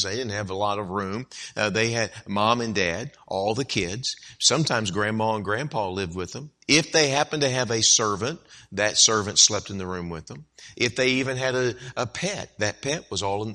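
A man's voice: lowish voice, animated, moderate pace, sharp tone. A man preaching a sermon, telling a story animatedly and acting out its characters with big swings in voice. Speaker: pastor.

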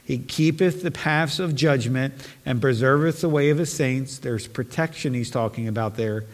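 A man's voice: medium pitch, moderate pace, few pauses, in a large hall. A man preaching a sermon as pastor, talking earnestly and conversationally and reading scripture aloud.

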